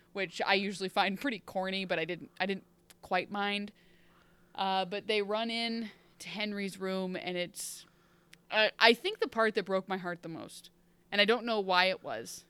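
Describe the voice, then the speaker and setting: A woman's voice: medium pitch, normal speed, a bit bright, smooth. A woman co-hosting a podcast and recapping a TV episode in casual chat. She rambles, interrupts herself, and sounds wry and emotional.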